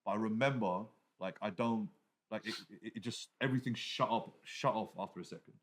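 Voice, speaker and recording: A man with a low voice talks quickly as a guest in a casual podcast chat. He rambles and fills his sentences with "like". His thoughts come out in loose, restarting runs. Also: slight background noise. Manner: rambling, packed with "like" fillers and restarts.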